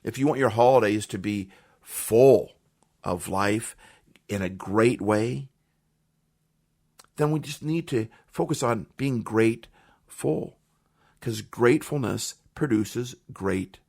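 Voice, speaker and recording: A man hosts his podcast in an earnest motivational monologue, leaning on repeated phrases for emphasis. His voice sits low with a gravelly fry. He speaks into a studio microphone. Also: takes it slowly, long pauses, darkish tone. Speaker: podcast host.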